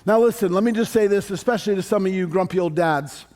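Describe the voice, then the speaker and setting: A man preaching a sermon as pastor, animated and conversational with touches of humor. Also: sits high, fast talker. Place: church sanctuary.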